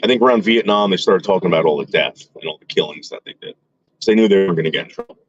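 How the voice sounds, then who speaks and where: A man tells a long, rambling story in casual talk, stumbling over restarts and filler words as he goes. His voice sits fairly low. The recording sounds dull and lo-fi. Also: fast, slight background noise. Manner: acts out quoted relatives with voice shifts.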